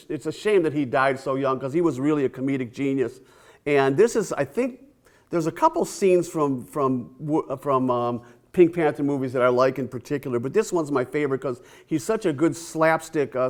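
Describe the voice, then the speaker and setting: A man presenting a casual, rambling talk to a library audience, chatty with restarts and small laughs. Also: medium pitch.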